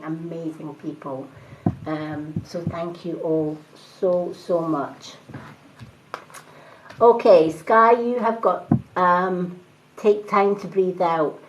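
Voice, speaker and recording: A woman with a Scottish accent mixed with other British influences, giving chatty live-stream card readings and thanking her viewers. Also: fairly low pitch. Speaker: tarot card reader. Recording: dull lo-fi sound with faint noise.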